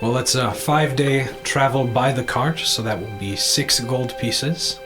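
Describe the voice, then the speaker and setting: A man narrating as dungeon master of a tabletop game, halting with fillers and laughing often. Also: mid-range voice, music in the background.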